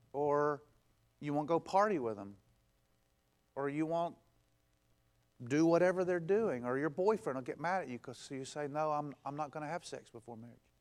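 A pastor preaching a conversational sermon, stacking emphatic, repeated phrases and acting out what people say. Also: male voice, a little high. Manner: repetitive, emphatic build-ups.

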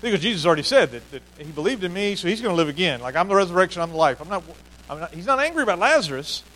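Earnest preacher, slightly high voice. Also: male voice, sing-song, very fast, sharp tone, low-quality recording. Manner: earnest, repeats key phrases for emphasis. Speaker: pastor. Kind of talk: sermon.

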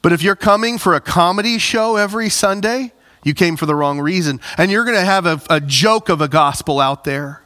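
Male pastor; bright, slightly high voice; emphatic, congregation-facing sermon delivery. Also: fairly quick. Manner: preaches with rising emphatic bursts, direct address to congregation.

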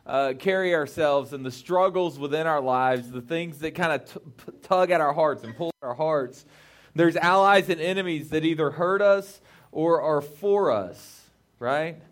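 A man preaching a relaxed, conversational youth-group sermon, often checking in with the listeners and restarting his phrases. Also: on the high side, measured pace. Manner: loose phrasing with restarts and fillers. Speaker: youth pastor.

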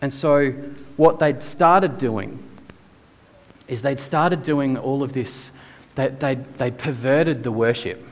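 A man gives a sermon in an easygoing, conversational manner, as if chatting with friends. His voice sits at a middling pitch. It rings out in a church hall with a long, lingering echo. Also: slow. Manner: casual and conversational, with many "like"s. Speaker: preacher.

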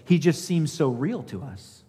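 A man's voice: a little high, very animated, a little slow, dark tone, in a large hall. A man preaching a sermon as pastor, emphatic, asking his listeners rhetorical questions and acting out scripture quotes.

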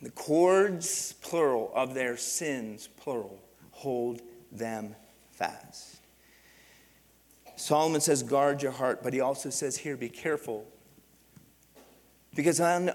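A man's voice: fairly high pitch, normal speed. A man preaching a sermon as pastor, with emphatic repetition and direct calls to the congregation. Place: church sanctuary. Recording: long reverb of a church hall.

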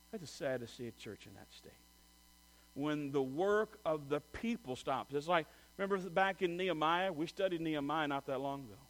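A man preaching a sermon as a pastor, telling stories and acting out quoted voices, swinging from loud to soft. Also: a little high.

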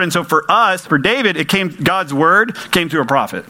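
A man's voice: a little high, expressive, normal speed, pushed and bright, rough recording. A man preaching a sermon to his congregation in a conversational way, with rhetorical questions and emphatic repetition. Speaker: pastor.

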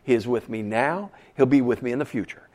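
A pastor with a medium-pitched, darkish voice preaches a sermon at a brisk pace. He keeps it conversational, posing questions to the congregation and repeating key phrases for emphasis.

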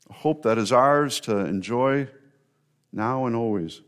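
A middle-aged male pastor giving an Easter sermon, telling a story earnestly with rising emphasis and pauses. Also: medium pitch, animated.

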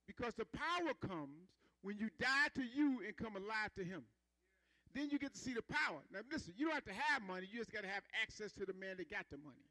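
A man's voice: high voice, animated, brisk, pushed and bright, no room sound, low-quality recording. A man preaching a sermon in a conversational style, calling for responses from the congregation and building rhythmic emphasis.

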